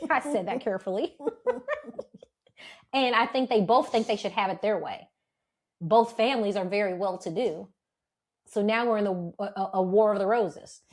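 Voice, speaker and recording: A woman's voice: medium pitch, expressive, measured pace, pauses often, darkish tone. A woman in her thirties co-hosting a podcast, chatting casually, laughing often and swearing freely. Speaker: podcast co-host. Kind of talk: casual chat.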